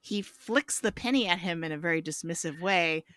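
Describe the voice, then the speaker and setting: Bright-voiced woman chatting about film. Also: fairly low pitch, normal speed, no echo, studio quality. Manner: animated, fillers and restarts, quotes characters. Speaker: film review podcast panelist. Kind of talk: casual film discussion.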